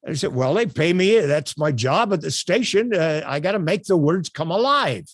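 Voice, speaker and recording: An older man runs a sales workshop on a video call and tells his stories with plenty of fillers. His voice is raised and lively, jumping up and down in pitch. The sound is dry and close. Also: normal speed, no room sound. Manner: animated, projecting, storytelling with many fillers. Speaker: workshop presenter.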